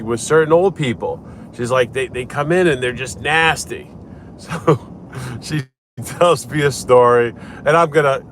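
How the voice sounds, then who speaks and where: With slight background noise, a medium-pitched man talks through a casual morning vlog from his car as he drives. He's a lawyer, and he retells a story in a chatty, animated, rambling way, restarting many times.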